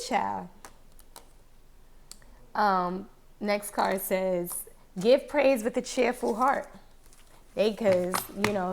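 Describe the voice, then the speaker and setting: Woman, tarot reader, chatty, repeats phrases, mid-pitched voice. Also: slight background noise. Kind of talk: casual tarot reading to camera.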